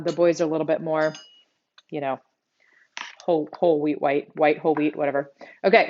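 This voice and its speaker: A woman's voice: lowish voice, muffled recording. Chatty Texas woman hosting a cooking show. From South Texas. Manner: chatty, talks straight to viewers. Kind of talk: live-streamed cooking demo. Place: home kitchen.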